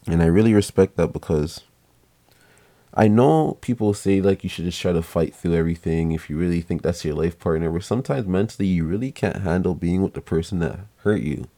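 A man's voice: sits low, moderate pace. A young man casually telling a family story to camera, rambling, swearing now and then and acting out what people said. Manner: relaxed, rambling, swears casually, acts out quotes.

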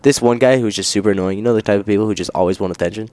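A young man with a fairly low voice chats loosely on a podcast, rambling and stopping to mimic others in higher, mocking tones. The sound is close and dry, with no room around it. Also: racing, darkish tone, no echo. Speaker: podcast co-host. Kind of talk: casual chat.

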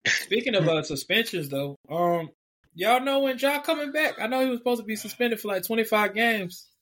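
A man's voice: high-pitched, brisk. A man co-hosting a casual sports podcast, joking and acting out players' reactions. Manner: animated, acts out players in quoted voices. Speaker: podcast co-host.

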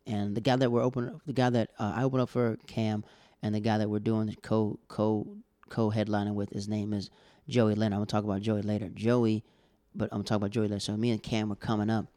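A man's voice: on the low side, dark tone, dry recording, studio quality. A man in his thirties, a stand-up comedian, telling a heartfelt story in a rambling way and repeating himself. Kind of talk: casual storytelling.

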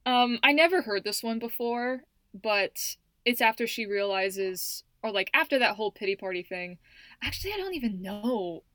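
A woman's voice: fairly high pitch, lively intonation, moderate pace, fairly bright tone, no room sound. A young woman chatting casually as a podcast co-host, laid-back and laughing, with casual slang. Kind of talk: casual chat.

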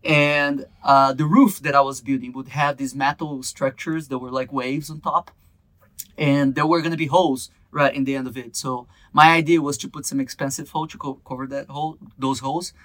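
Bright-voiced man telling a story. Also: mid-range voice, normal speed, no echo. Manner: animated, restarts a lot, mimics others in quotes. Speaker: podcast co-host. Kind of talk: casual storytelling chat.

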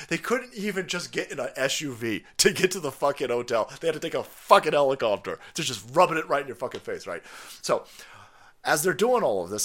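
Man, livestream host, profane ranting commentary, very lively pitch, bright tone. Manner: loud, sarcastic, cursing, laughing often.

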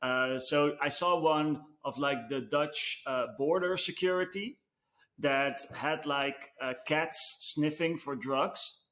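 A man chats loosely on a casual podcast, wandering through his thoughts with plenty of "you know"s. His voice sits a little higher than most men's. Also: takes it slowly. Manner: relaxed, rambling, many fillers like "you know". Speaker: podcast co-host. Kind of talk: casual chat.

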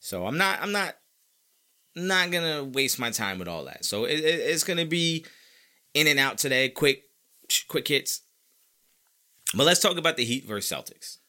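A man's voice: a little high, normal speed, long pauses. A man hosting a sports podcast, talking casually and emphatically, repeating himself as he argues his opinions. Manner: emphatic, animated and opinionated, with frequent repetition. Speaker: podcast host.

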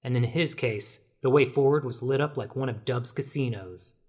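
An actor playing a wisecracking hard-boiled male detective, narrating in a wry, deadpan noir comedy style. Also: medium pitch, moderate pace, breathy edge, lightly acted.

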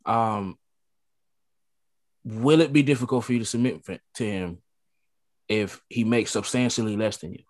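Laid-back lower-voiced man asking questions. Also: moderate pace, long pauses. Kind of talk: casual chat.

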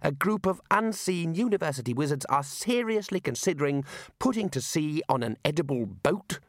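A man doing a flustered young wizard, high and strained. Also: big pitch swings, normal speed, gravelly, breathy edge, dry recording, studio quality, full character voice. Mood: exasperated. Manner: flustered, pleading and exasperated. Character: anxious young male wizard scholar. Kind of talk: audiobook character voice.

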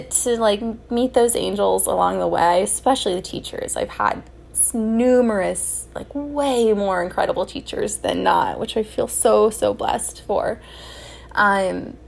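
A woman's voice: mid-range voice, vocal fry. A young woman hosting a solo podcast, telling personal stories in a candid, emotional way with many fillers and restarts. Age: young adult. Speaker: podcast host.

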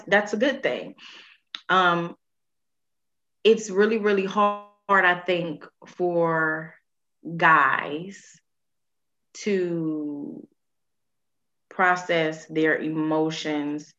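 A woman's voice: low voice, a bit bright, highs cut off. A woman co-hosting a podcast, giving her opinions in a casual, teasing way. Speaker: podcast co-host. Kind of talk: casual chat.

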